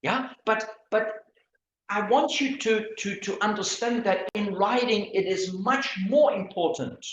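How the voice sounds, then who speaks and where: A lecturer with a medium-pitched voice teaches an online academic writing class, with a little hiss or hum on the line. Hesitant, she restarts and repeats words often and asks the listeners questions, in an echoey, dull lo-fi room.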